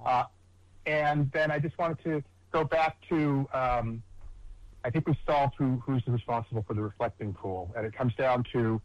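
A man's voice: mid-range voice, moderate pace, dry recording, lo-fi sound. A man calling in to a talk radio show, chatting playfully and setting up a joke with hesitations. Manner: playful, building up to a pun. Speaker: caller. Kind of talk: phone-in caller chat.

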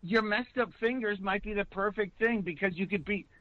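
Man radio caller, high voice, rambling, friendly, dull dry phone line. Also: normal speed, dry recording. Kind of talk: call-in radio chat.

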